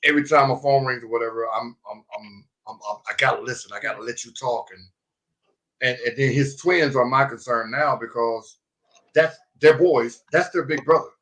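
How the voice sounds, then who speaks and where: A man hosting a casual podcast, telling stories animatedly and turning earnest when he consoles a friend. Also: mid-range voice. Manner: animated storyteller, bursts into loud laughter, turns slow and earnest when consoling. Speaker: podcast host. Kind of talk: casual chat.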